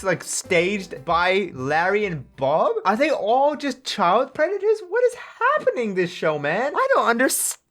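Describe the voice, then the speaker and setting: A young adult woman hosting a comedic reaction video, talking in an animated, slangy way with incredulous asides. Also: medium pitch.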